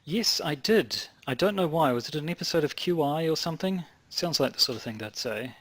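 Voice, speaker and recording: A man's voice: on the high side, animated, a little fast, fairly bright tone. A man co-hosting a podcast over a video call, with wry, teasing banter. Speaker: podcast co-host. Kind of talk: casual chat. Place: home in New Zealand.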